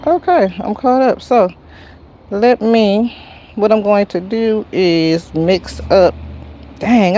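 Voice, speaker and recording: Woman host on a garden livestream, slow, mellow, faint traffic behind. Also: medium pitch. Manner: chatty, greets viewers by name, says y'all. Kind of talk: casual live-stream chat while potting. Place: outdoor garden near a road.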